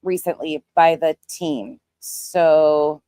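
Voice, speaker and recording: A woman with a notably low voice comments on a livestream clip in a dry, mocking tone. Her voice sounds close and dead, with no room around it. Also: slow, dark tone, clean tone, dry recording. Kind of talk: sarcastic commentary over a clip.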